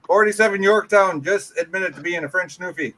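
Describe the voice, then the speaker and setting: A man's voice: high-pitched, brisk, sharp tone. A man who is a guest on a casual livestream chat, teasing the others and swearing freely. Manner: crude, teasing, swears a lot.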